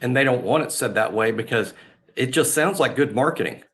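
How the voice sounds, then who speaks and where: A man with a middle-pitched voice co-hosts a sports chat. He talks in an easy, dry way and drops wry remarks as he goes. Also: a little fast, a bit bright. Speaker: podcast co-host. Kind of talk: casual sports podcast chat.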